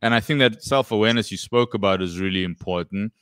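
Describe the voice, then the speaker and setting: A man hosts a video-call interview in a relaxed, encouraging way. His voice is low and smooth. The recording is dry, with no room sound. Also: quick pace, dry recording. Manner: relaxed, encouraging, short backchannels. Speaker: host. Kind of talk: interview host.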